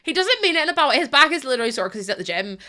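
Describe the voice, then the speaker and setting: A woman's voice: high-pitched, big pitch swings, rapid-fire, bright, forceful tone. A woman streamer chatting casually with her live chat while gaming, bubbly and giggly, rambling from one thought to the next.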